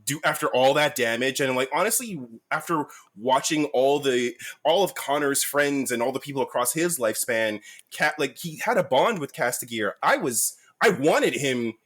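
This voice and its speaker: A man who is a regular on a podcast, telling stories in an excitable, rambling way during a casual chat. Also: mid-range voice.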